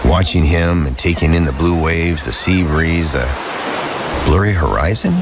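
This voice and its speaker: An actor playing an older male surfer and grandfather in an ad, speaking slowly and wistfully. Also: low-pitched, heavy background noise. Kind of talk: scripted ad voice-over. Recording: ad with loud ocean surf behind.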